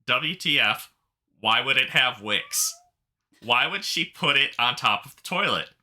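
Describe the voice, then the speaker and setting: A man's voice: medium pitch, expressive, unhurried, pushed and bright. A man co-hosting a podcast, reading online stories aloud and trading dry jokes in casual chat. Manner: dry joking banter. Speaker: podcast co-host.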